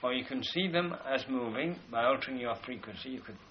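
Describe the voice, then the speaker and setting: A man's voice: medium pitch, lively intonation, slight background noise. Man lecturing on an old lo-fi tape. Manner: measured, explanatory, slows to stress key words. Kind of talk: spoken lecture with drawings.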